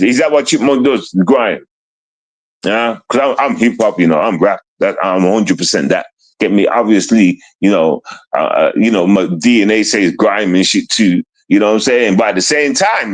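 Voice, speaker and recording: Heated man ranting. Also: poor audio. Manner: heated, keeps asking "you understand?"; rough street slang, swings from low mutter to high outburst. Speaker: streamer. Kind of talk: livestream rant to viewers.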